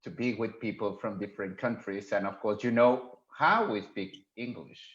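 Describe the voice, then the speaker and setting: A man hosting an interview in English with a Mexican accent, Spanish his first language, pausing as he searches for words. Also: fairly low pitch, fairly bright tone. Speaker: host. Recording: echoey, dull-sounding room.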